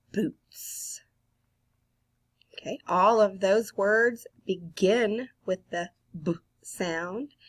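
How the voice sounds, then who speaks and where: A woman with a Southern US accent, teaching a kindergarten phonics lesson slowly and patiently, sounding out letters. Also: mid-range voice.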